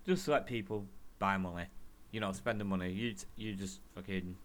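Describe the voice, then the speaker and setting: A man co-hosting a podcast in casual chat, animated, laughing often and swearing freely. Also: deep voice, moderate pace. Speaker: podcast co-host.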